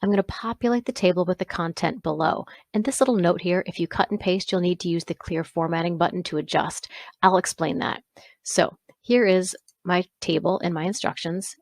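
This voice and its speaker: A woman instructor talking through a software exercise step by step, pausing to correct herself along the way. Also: lowish voice, gravelly, dry recording. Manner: step-by-step, self-correcting with small asides. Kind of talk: screen-recorded software walkthrough.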